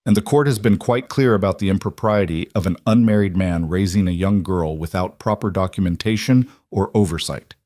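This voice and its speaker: Guy doing a cold smug registrar, smooth condescending villain, lowish voice. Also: a little fast, few pauses, mellow, no echo, studio quality, close to an everyday voice. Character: smug cold scheming male county registrar.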